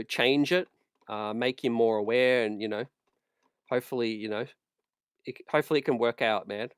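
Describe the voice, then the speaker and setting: A man's voice: mid-range voice, smooth, dry recording, clean studio sound. A man hosting a basketball fan channel, talking in a casual, worked-up way and leaning on fillers like "you know" and "man". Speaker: sports channel host.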